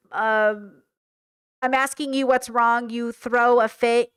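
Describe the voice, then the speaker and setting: Woman streamer, slightly high, smooth voice, dry close mic, blunt reactions. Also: fairly even intonation, a little slow, a bit bright, no room sound. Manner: reads out text messages, reacts bluntly. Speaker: commentary streamer. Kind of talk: casual reaction commentary.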